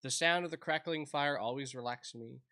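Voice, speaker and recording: A sleepy, friendly male villager from a cozy life-sim game, read aloud by a man in a lightly put-on voice. His tone is bright and upbeat, even as he complains about not sleeping. The delivery sounds like game dialogue read aloud. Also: medium pitch, moderate pace. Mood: drowsy.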